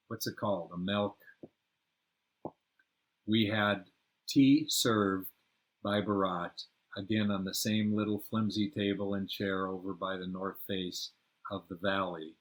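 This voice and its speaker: An older man tells his travel memories on a podcast. His speaking voice sits a bit low, and he rambles, stopping to hunt for the right word. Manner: rambling, searches for words. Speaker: podcast host and storyteller. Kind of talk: personal travel storytelling.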